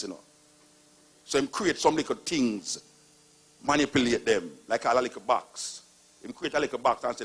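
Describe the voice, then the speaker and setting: A man's voice: mid-range voice, a little fast, fairly bright tone, slightly rough. A man with a Jamaican accent, giving a humorous talk and animatedly retelling stories with voiced characters. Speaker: speaker on religion.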